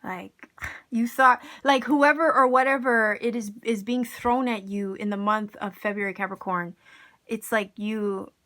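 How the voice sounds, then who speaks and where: This is a woman giving a casual tarot reading at an everyday, mid-range pitch. She talks straight to her viewers in an enthusiastic, encouraging way and drops in plenty of casual slang. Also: fairly even intonation, measured pace, bright, forceful tone. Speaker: tarot reader.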